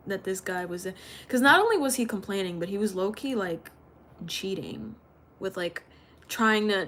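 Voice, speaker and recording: A woman's voice: medium pitch, fairly bright tone. A young woman livestreaming, telling a story in a rambling, chatty way with many fillers. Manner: rambling, chatty, heavy use of "like".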